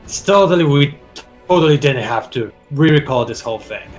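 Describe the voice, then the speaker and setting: Hosting a strategy game session, a man plays and explains the game in casual, playful commentary. His voice sits a little high, with lively intonation and a fairly quick pace, over soft background music.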